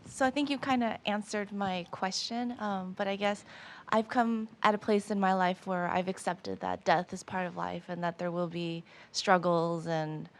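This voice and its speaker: A woman's voice: mid-range voice, fairly even intonation, moderate pace, hardly any pauses. A woman in the audience asking a question hesitantly, with fillers.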